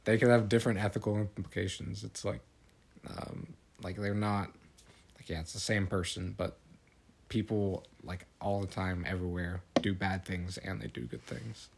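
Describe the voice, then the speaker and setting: A man's voice: sits low, steady tone, normal speed, creaky, a little hiss or hum. A young man co-hosting a podcast, rambling casually and hedging with "like" constantly. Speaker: podcast co-host. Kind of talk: casual chat.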